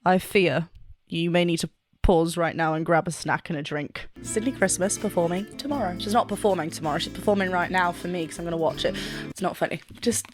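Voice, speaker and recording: A woman's voice: lowish voice, a little fast, soft background music. A woman vocal coach teaching singing in a casual, giggly way, often breaking into laughter and self-mocking asides. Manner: giggly, self-mocking, demonstrates with sung notes.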